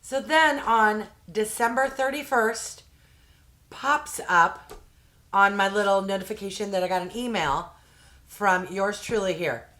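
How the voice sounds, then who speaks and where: A woman's voice: medium pitch, unhurried, pushed and bright. A woman talks straight to the camera in a casual unboxing vlog about beauty products. She rants with heated exasperation, and her talk is loose and chatty with plenty of fillers. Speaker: beauty box reviewer.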